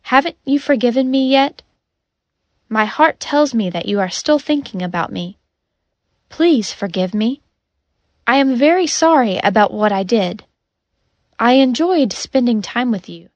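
A woman voicing a quick-witted female doctor in a storybook reading, speaking earnestly and insistently. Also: on the high side, expressive, no echo, muffled recording.

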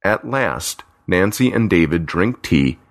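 A man narrating a simple storybook tale in a clear, deliberate way. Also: sits low, lively intonation. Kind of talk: slow graded-reader story narration.

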